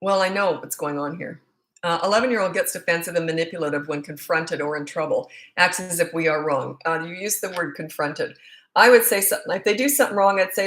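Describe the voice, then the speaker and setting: A woman's voice: on the low side, fairly quick, a bit bright. Chatty middle-aged woman in a roomy space. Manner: chatty, frank, anecdotal, full of fillers. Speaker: parenting coach. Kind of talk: casual Q&A answering viewer questions. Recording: roomy echo.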